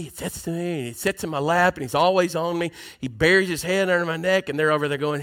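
A man delivers a sermon in a church, his voice sitting high for a man. He preaches by telling stories in a chatty way and keeps calling out to his congregation. His tone is bright and forward. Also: fast talker, hardly any pauses. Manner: conversational storytelling, addressing the congregation.

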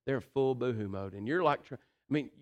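A man's medium-pitched voice, a little fast, carries a folksy, animated sermon. He often says "listen" and "you know," swinging between loud emphasis and quiet intensity.

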